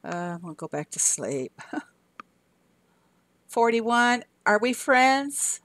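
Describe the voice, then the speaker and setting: On her live stream, an older woman from Arkansas with a Southern US accent laughs often and answers chat aloud in casual conversation. Her fairly high, fairly bright voice is sing-song and slow, with no echo.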